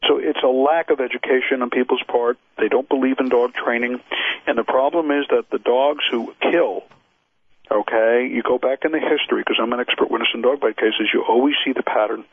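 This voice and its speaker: A man's voice: medium pitch, steady tone, a little fast, no room sound. Emphatic man on a tinny radio line. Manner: emphatic, repeats points, acts out owners' excuses. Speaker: dog trainer and expert witness. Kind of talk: radio interview guest. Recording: dry, husky, phone-like radio line.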